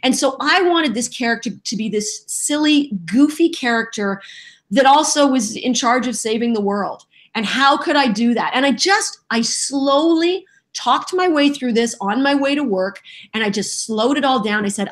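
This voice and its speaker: A middle-aged woman, a voice actress guest on a podcast, telling lively stories and acting out voices and quotes in casual chat. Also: high-pitched, normal speed. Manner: lively storyteller who acts out voices and quotes.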